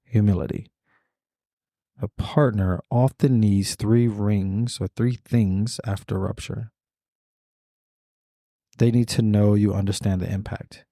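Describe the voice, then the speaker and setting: A middle-aged man hosting a podcast, speaking in a measured, deliberate monologue with slow emphatic pauses. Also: on the low side, dark tone, dry recording, clean studio sound. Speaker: podcast host. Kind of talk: reflective podcast monologue on fathering.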